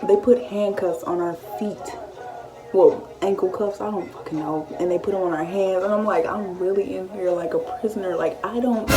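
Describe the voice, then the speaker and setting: A woman in her late teens, telling a story-time vlog in a casual, animated style. She swears freely and often acts out what she was thinking. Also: fairly low pitch, normal speed, recorded from a distance, over music. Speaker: vlogger.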